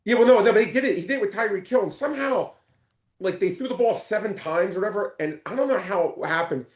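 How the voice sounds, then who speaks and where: Man, animated storyteller, stumbling restarts, higher voice, echoey room, casual podcast chat. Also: fast talker. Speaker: guest.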